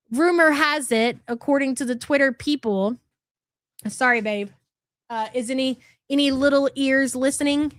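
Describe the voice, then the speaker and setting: A woman's voice: sits high, no echo, clean studio sound. A woman hosting a casual livestream, gossiping and thanking viewers for super chats. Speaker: livestream host. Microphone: desk microphone.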